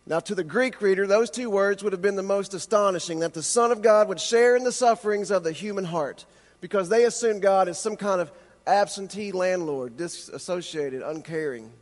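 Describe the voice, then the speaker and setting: A man preaching a sermon with impassioned rhetorical questions, slowing down for emphasis. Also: high-pitched, big-room sound. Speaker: pastor.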